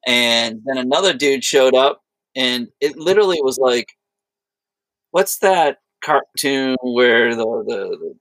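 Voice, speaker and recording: A man's voice: medium pitch, expressive, takes it slowly, fairly bright tone, no echo. A man casually telling a rambling, profane story in conversation. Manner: rambling anecdotes with profanity and quoted voices. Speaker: podcast co-host.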